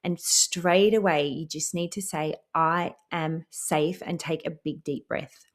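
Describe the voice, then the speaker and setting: Low-ish woman's voice, spiritual podcast host, earnest, slows down for breathing and affirmations. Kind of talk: spiritual self-help podcast monologue.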